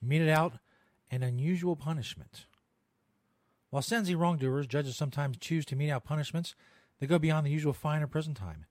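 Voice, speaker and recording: A man's voice: fairly high pitch, moderate pace, darkish tone, dry recording. A man hosting a podcast, chatting casually as he reads odd news stories, laughing often, swearing and trailing off into rambling asides. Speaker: podcast host.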